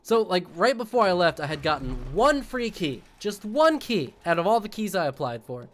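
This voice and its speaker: Sitting high with a sing-song lilt and a slightly bright quality, a man's voice moves at normal speed. He's streaming a game and casually chatting to his viewers, joking and rambling along the way.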